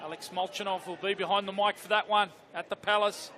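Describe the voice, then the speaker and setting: A man giving live football commentary from a stadium, rattling through fixtures and then shouting out the big moments. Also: high voice. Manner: fast excited play-by-play, shouting at big moments.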